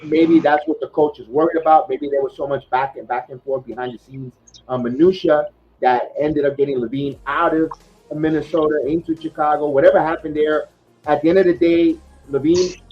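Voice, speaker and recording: Podcast host guy, kinda high voice, rambly with lots of ums, muffled lo-fi sound. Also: steady tone, normal speed. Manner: rambling, many fillers and restarts. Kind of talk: casual sports podcast talk. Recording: dull lo-fi podcast audio.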